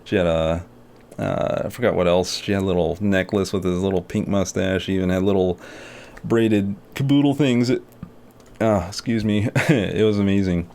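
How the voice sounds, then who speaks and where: Young male vlogger, slightly low voice, loose and rambling, filler-heavy storytelling. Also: normal speed, darkish tone. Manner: rambling, with many fillers and restarts. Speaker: artist and video creator. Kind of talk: casual vlog storytelling.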